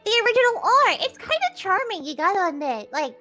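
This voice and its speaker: A giggly woman hosts a game stream with a very high, bright voice. Her pitch bounces around as she chats and explains the story. Faint music plays underneath. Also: sing-song, quick pace. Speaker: streamer hosting a game voice-acting session. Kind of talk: casual chat.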